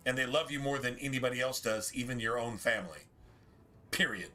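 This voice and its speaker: A man's voice: medium pitch, a little fast, sharp tone. A man streaming a video game, chatting casually in a rambling way, full of restarts and asides. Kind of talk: casual chat while streaming gameplay.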